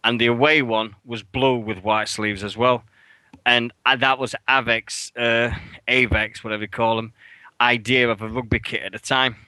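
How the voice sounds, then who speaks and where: Radio co-host, man, bright and punchy, dry close studio sound, animated storyteller who swears. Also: moderate pace, clean tone, no echo, rough recording. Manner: animated storyteller, swears, pitch jumps when acting out his outrage. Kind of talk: casual storytelling chat.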